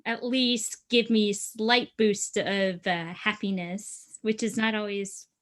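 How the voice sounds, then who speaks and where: A woman's voice: mid-range voice, fairly even intonation. A young woman in casual conversation, speaking with lots of hesitation and filler words. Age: young adult. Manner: slow, hesitant, many fillers. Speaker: co-host. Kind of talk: casual chat.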